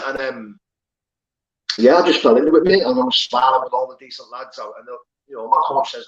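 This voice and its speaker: A man's voice: medium pitch, fairly quick, highs cut off. A man, candidly telling his life story as an interview guest, swearing and rambling with many fillers. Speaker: guest, former prisoner turned pro fighter.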